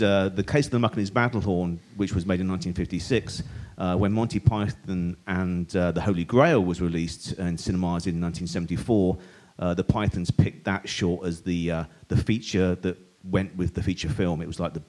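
Deep-voiced man chatting jokily on stage. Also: fairly even intonation, moderate pace, hardly any pauses, darkish tone. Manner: chatty, jokey, rambling. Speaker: co-host. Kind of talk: live podcast chat on stage. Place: stage before a live audience.

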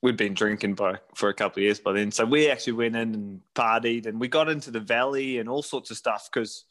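A man's voice: medium pitch, fairly even intonation, a little fast, fairly bright tone. A man in his thirties from New Zealand, casually telling a travel story with lots of fillers and restarts.

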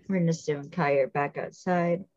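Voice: medium pitch, a little slow, darkish tone, dry recording, muffled recording. A podcast host giving a casual, chatty recap of a TV episode, full of fillers and acted-out quotes.

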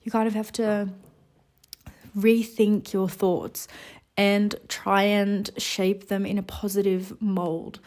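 Woman, late twenties, casual motivational monologue, chatty animated storytelling. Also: medium pitch, slow. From Netherlands. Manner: chatty, animated storytelling with lots of "you know" and "like". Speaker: wellness vlogger.

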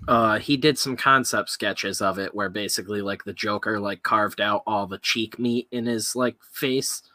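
A man's voice: on the low side, normal speed, no room sound. A man in casual podcast chat, telling stories with lots of swearing, recording remotely from home. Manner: profane, animated storytelling. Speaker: podcast co-host. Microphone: headphones with remote podcast mic.

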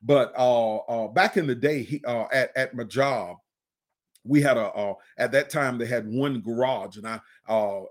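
A middle-aged man preaching in a podcast, earnest, often repeating and restarting phrases and slowing down to stress a point. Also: mid-range voice. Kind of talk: conversational podcast sermon.

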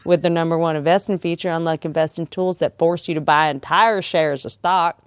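Woman, podcast host, playful ad read, rushed and joking, dry recording. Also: low voice, fairly even intonation, no echo. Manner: joking, laughs often, rushes through ad copy.

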